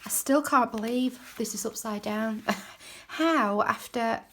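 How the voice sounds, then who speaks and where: A woman chatting casually while she crafts at home, rambling and dropping into soft mutters as she works. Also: fairly high pitch, slow, a little hiss or hum. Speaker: craft journaling creator. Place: home craft desk, indoors.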